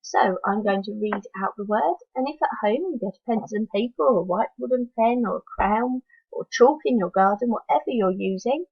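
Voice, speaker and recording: A woman teacher leading a phonics lesson for young children, slowly sounding out letters one at a time and encouraging them to join in. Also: on the high side, husky, no room sound, lo-fi sound. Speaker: primary school teacher.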